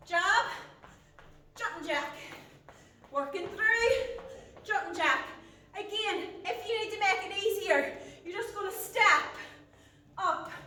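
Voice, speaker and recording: A woman talking through a workout as a fitness instructor, giving brisk, short coaching cues. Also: very high voice, bright, forceful tone, slight background noise. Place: indoor gym. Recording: echoey gym, mic at a distance.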